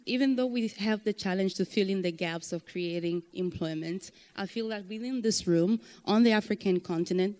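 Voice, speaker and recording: A woman's voice: mid-range voice, a little mellow. A woman moderating a panel discussion, encouraging and summing up. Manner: encouraging, wrapping up.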